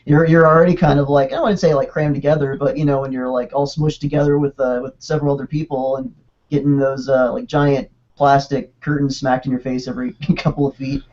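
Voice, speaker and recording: Fast-talking excitable man, lo-fi audio. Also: medium pitch. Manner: excitable, rambling, quick restarts. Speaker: podcast co-host. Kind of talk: casual podcast chat. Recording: dull lo-fi podcast audio.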